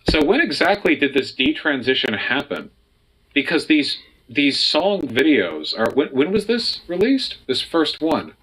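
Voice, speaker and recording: Sarcastic, bright-voiced man. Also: a little high, big pitch swings, a little slow, husky, rough recording. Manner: sarcastic, incredulous. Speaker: co-host reacting to videos. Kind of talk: casual reaction commentary.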